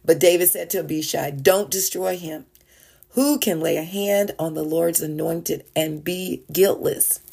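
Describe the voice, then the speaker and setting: A woman's voice: low voice, measured pace, creaky, mellow, breathy edge. A woman hosting a devotional podcast, reading a Bible passage and explaining it in a chatty way with small laughs. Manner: reads scripture aloud, then explains it in a chatty way with small laughs. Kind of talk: casual Bible teaching. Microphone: podcast voice message recording.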